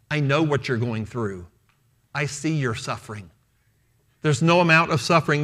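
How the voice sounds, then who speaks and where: A man's voice: medium pitch, a bit bright. A man preaching a sermon, emphatic and repeating key phrases for stress, retelling scripture in the first person as the apostle.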